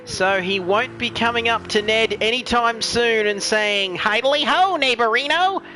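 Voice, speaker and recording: Chatty commentator with a high, bright voice, over a faint background hiss. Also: male voice, little pitch movement, measured pace. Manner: chatty, joking, reads chat messages aloud. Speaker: race commentator. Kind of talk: sim racing commentary.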